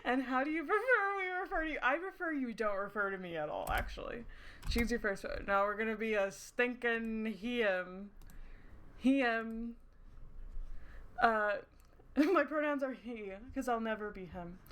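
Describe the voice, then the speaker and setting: A woman's voice: on the high side, expressive, a little slow, a bit bright, a little hiss or hum. A woman streaming a romance game, rambling in casual chat, giggling often and swearing freely. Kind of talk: casual let's-play chat. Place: indoors at her screens under dim night lighting.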